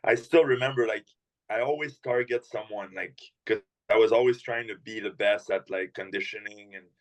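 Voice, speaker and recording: Relaxed man telling hockey stories. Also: fairly low pitch, moderate pace, poor audio. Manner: relaxed storyteller, many fillers like "like". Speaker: hockey skills coach. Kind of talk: casual podcast chat.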